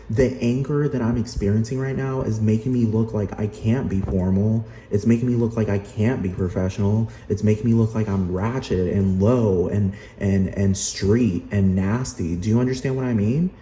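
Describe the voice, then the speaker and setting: A heated, profane rant from a man with a lowish voice, repeating himself and keeping on asking whether you understand. The room rings with echo, and steady noise sits underneath. It is loud and restless throughout. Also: moderate pace, hardly any pauses. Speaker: vlogger. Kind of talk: angry ranting vlog. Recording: echoey room with noise behind.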